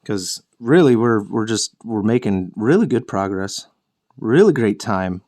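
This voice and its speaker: A man's voice: fairly low pitch, animated, unhurried, a little mellow. Rambling, jokey man hosting a painting show. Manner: rambling, self-correcting, jokey with swearing. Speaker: host of a miniature painting show. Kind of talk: casual chat while painting.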